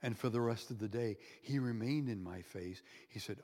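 A man telling a personal story as a sermon, animated, with dramatic pauses and playful sound effects. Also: on the low side. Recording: echoey hall with long reverb.

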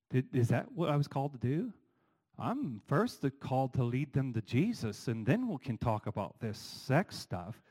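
Animated male pastor preaching. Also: fairly high pitch, rough recording. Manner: animated preaching with rhetorical questions. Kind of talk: sermon.

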